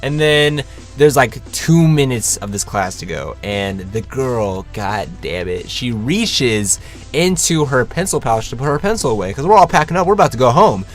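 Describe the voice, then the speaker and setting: A young man tells a story to his viewers in a casual, lively way, jumping into other people's voices as he goes. His pitch holds to the middle of the male range, and he swears freely. Faint music plays behind him. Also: normal speed. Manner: animated, swears freely, acts out quotes. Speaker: vlogger.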